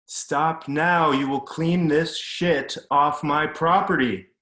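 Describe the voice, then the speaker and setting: A man's voice: on the high side, fairly even intonation, slow, fairly bright tone, voice pushed up. A man voicing a furious middle-aged ex-soldier father who barks orders, recorded with a roomy echo. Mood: yelling. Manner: barking, commanding.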